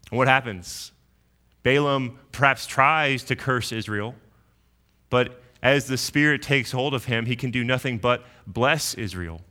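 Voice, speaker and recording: A man's voice: medium pitch, a little slow, pushed and bright. A man preaching an expository sermon in an earnest teaching tone, often repeating words as he thinks.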